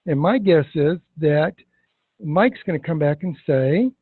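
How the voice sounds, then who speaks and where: Gravelly, husky man on a tinny line. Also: a little high, expressive, no room sound. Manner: emphatic, demonstrates scripted questions with pauses. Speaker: sales trainer. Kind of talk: webinar sales training. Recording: tinny phone-like webinar audio.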